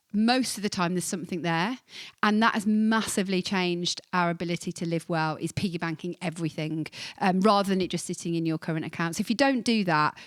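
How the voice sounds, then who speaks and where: A woman's voice: lowish voice, no echo, clean studio sound. A woman in her forties hosting a solo podcast, chatting eagerly and handing out recommendations. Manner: enthusiastic, chatty, full of recommendations. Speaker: podcast host.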